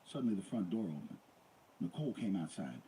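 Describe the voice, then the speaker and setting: A man's voice: deep voice, sing-song, fairly quick, mellow, a little hiss or hum, poor audio. A man reading a first-person story aloud in a dramatic, intense manner. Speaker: audiobook reader.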